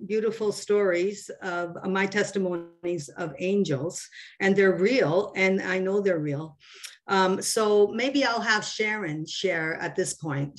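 A woman preaching on a video call, telling personal testimonies in a rambling, conversational way with many fillers and restarts. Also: medium pitch. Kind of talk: testimony in an online sermon.

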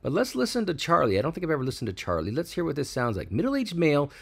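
A man hosting a tech channel, chatting excitedly through a screen-recorded software walkthrough and hyping each feature. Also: fairly high pitch, quick pace, vocal fry, husky.

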